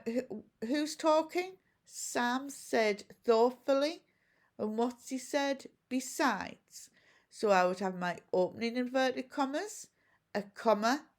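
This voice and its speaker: A woman teacher giving a recorded home-learning lesson, explaining each step patiently and asking questions as she goes. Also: mid-range voice. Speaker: primary school teacher.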